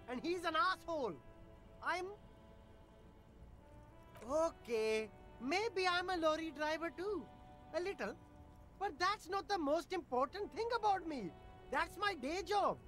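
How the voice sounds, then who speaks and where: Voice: extremely high pitch, animated, measured pace, sharp tone, soft background music, exaggerated voice. A voice actor playing a defensive, boastful street vendor in a video game who keeps dodging questions with rambling denials. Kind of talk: game voice acting.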